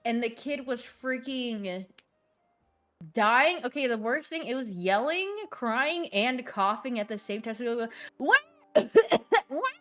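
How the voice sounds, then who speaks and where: A young woman streaming, chatting casually with her viewers and telling stories with lively voiced reactions. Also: on the high side, a little slow, soft background music.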